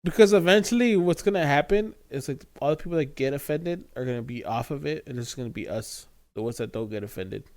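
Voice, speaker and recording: A man's voice: a little high, animated, fast talker, few pauses, a little mellow, no room sound. Man, podcast co-host, casual banter, profane jokes, dry close sound. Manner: joking, profane, laughs along. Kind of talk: casual chat.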